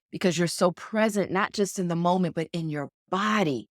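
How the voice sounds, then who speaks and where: On a sports podcast recorded indoors, a female co-host chats casually, encouraging listeners earnestly in the manner of a coach. She speaks at a moderate pace in a lowish voice, and the studio sound is free of echo.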